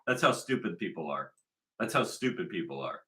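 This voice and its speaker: A man's voice: sits low, very animated, fairly quick, bright, forceful tone. A man delivering a combative, repetitive commentary monologue, hammering his points with emphasis. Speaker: online commentator.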